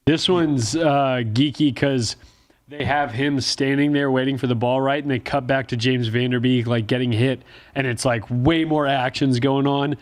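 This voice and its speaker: A man's voice: medium pitch, steady tone, normal speed. A man in casual chat who breaks down how a movie scene is shot and cut.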